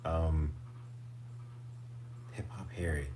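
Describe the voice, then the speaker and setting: Guy hosting a stream, deep voice bouncing all over, goofy, laughs a lot. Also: moderate pace, roomy sound, a little hiss or hum. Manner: goofy, animated, laughs often. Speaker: livestream host. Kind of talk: casual chat.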